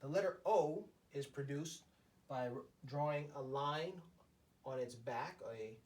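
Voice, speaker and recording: A man teaches a beginner class at a whiteboard, pausing often and filling gaps with hesitant sounds. He talks at an unhurried, drawn-out pace. The mic is set at a distance, so he sounds removed. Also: mid-range voice, a little mellow. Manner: slow, halting explanation with many fillers. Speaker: language teacher. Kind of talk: beginner lesson at a board. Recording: voice from far off the mic.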